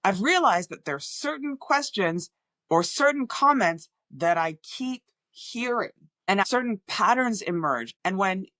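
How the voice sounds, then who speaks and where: A woman's voice: mid-range voice, fairly bright tone, dry recording. A woman audiologist with an international accent that is often taken for American, talking straight to camera and acting out patients' remarks in voices. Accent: international, often mistaken for American. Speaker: audiologist and communication coach. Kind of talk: direct-to-camera talk.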